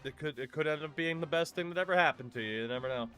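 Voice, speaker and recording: A man's voice: a little high, fast talker, fairly bright tone, soft background music. A man streaming a sports video game, chatting casually with his viewers and joking around, often laughing. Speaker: gaming streamer. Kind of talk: casual live-stream commentary.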